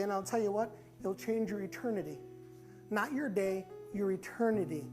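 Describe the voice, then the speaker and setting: A man's voice: high voice, normal speed, a little mellow, faint music behind. A man preaching a sermon in a church, impassioned and repetitive, telling stories and calling his listeners forward. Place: church sanctuary.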